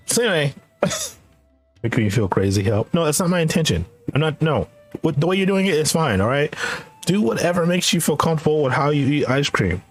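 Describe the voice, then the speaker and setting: A young man streaming, telling a rambling, animated story in casual chat and laughing often. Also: on the high side, a little fast, soft background music. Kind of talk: casual chat while gaming.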